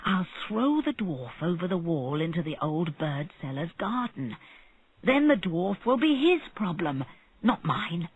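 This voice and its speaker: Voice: medium pitch, sing-song, measured pace, husky, no room sound. A narrator voicing a panicked male doctor, fretful and half-whispering, in a narrow phone-like recording. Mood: scheming.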